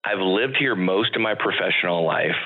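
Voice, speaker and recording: A man's voice: low voice, expressive, moderate pace. A man from northern Minnesota, a guest on a podcast, talking in an easygoing, self-deprecating way with many restarts. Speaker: podcast guest, company CEO. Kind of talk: casual interview chat. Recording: tinny phone-like line.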